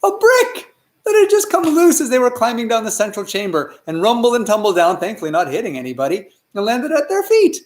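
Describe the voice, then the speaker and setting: Animated male storyteller in an echoey room. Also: extremely high pitch, brisk. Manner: animated, asks the listeners questions. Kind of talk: children's story narration.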